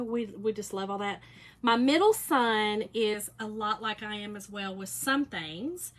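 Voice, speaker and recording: A woman's voice: medium pitch, fairly bright tone, a little hiss or hum. A middle-aged woman, hosting a casual crafting livestream and chatting folksily to her viewers as she works.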